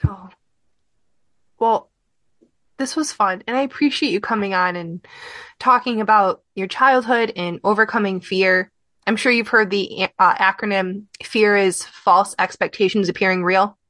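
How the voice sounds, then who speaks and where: A woman hosts a casual podcast chat at a middle pitch, blunt and unfiltered. Her stories come out plain and cheeky. The sound is close and dry, with no room around it. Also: measured pace, fairly bright tone, no echo. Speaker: podcast host. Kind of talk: casual conversation.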